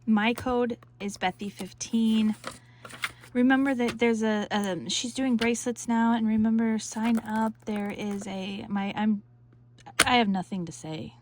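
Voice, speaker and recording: A woman's voice: on the high side, steady tone, measured pace, a little hiss or hum. A woman hosting a crafting vlog, gushing over a new kit and sometimes dropping to a whisper. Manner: gushing, breathless, drops into whispers. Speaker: crafting channel host. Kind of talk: excited unboxing vlog.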